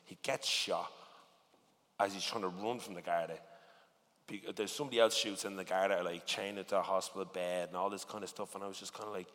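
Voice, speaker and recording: A man with a working-class Dublin accent, talking in a casual interview, animated and swearing often with lots of "you know what I mean". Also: sits low, brisk, long reverb tail. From Dublin, Ireland. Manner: animated, swearing, filler-heavy storytelling. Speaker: rapper, interview guest.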